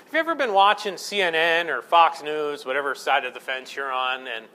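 Male pastor, sermon, slightly high voice, casual and self-mocking, swells into fervor. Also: fairly quick, bright, forceful tone. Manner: conversational, self-deprecating, building to fervent emphasis.

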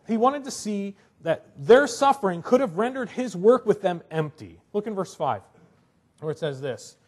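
A man's voice: high voice, a little mellow, husky. A man preaching a sermon in a conversational way, acting out little quotes and often asking "right?". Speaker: pastor.

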